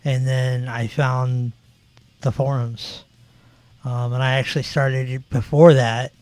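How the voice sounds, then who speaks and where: A man's voice: medium pitch, flat delivery, slow, darkish tone, no room sound. A man in his forties hosting a podcast, telling rambling stories in casual chat with lots of fillers. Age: 40s. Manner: rambling, filler-heavy storytelling. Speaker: podcast host.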